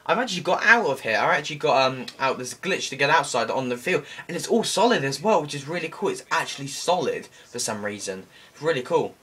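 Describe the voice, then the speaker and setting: A young man giving excitable let's play commentary, shouting exclamations and making sound effects while he plays. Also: fairly high pitch, fairly quick, slightly rough. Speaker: gameplay commentator.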